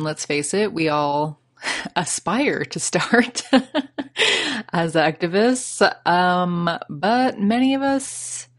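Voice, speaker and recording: Slow-talking Canadian woman podcast host. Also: on the low side. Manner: chatty and upbeat, laughs between phrases. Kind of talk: casual solo podcast talk.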